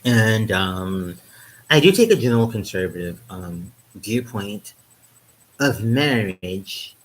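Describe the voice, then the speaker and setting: On poor audio, a man with a lowish voice rambles to camera in a casual comedic vlog monologue. He's indoors in Europe drinking wine, filling his talk with "um" and chuckling at his own jokes.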